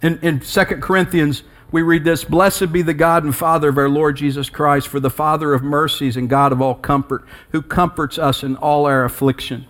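A man in his sixties, a pastor giving an earnest, personal sermon that rises in pitch and emphasis when he quotes scripture. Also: steady tone, normal speed, few pauses, fairly bright tone. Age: 60s.

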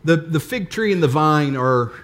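A man's voice: fairly high pitch, animated, moderate pace, fairly bright tone. An older man preaching a sermon as pastor, earnest and emphatic, with repeated phrases.

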